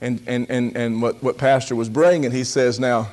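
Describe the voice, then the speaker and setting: A man preaching a sermon in a folksy, humorous way, slowing down on key words and acting out quotes in a raised voice, often laughing. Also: mid-range voice, steady tone, a little mellow. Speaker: pastor.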